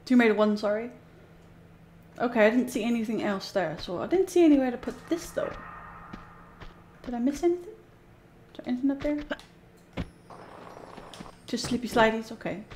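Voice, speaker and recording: A woman's voice: a little high, normal speed, long pauses, a little mellow, slight background noise. A young woman, chatting casually as she streams a game, jumpy and easily spooked, laughing often. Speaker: gaming streamer. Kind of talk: casual let's play commentary.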